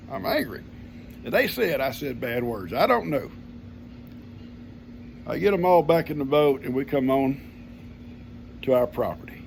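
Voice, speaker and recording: A man's voice: mid-range voice, big pitch swings, a little slow, gravelly, long pauses, slight background noise. An older man, telling a family story in a folksy, homespun way. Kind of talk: casual storytelling.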